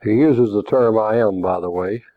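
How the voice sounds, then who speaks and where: A man preaching a Bible lesson, measured and reading scripture passages aloud. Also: lowish voice, no room sound. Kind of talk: Bible teaching. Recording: tinny phone-like recording.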